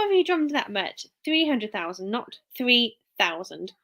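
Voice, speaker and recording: A woman's voice: fairly high pitch, very animated, a little slow, creaky, few pauses, fairly bright tone. A woman chatting casually on a live stream, rambling and restarting sentences as she reads out viewer names. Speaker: live streamer, work-from-home mum.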